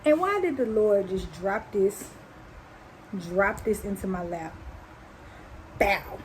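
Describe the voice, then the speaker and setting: Young woman spilling a storytime, does high voices for everyone, bit of faint noise. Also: takes it slowly, low-quality recording. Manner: animated, acts out quotes in high voices. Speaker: vlogger. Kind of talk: casual storytime.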